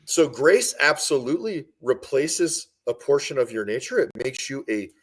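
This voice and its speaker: A man's voice: medium pitch, expressive, moderate pace, slightly rough. A man speaking as a guest on a podcast, arguing with passion and repeating key lines for emphasis. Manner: emphatic, repeats points for stress. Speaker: guest commentator. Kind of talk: impassioned podcast discussion.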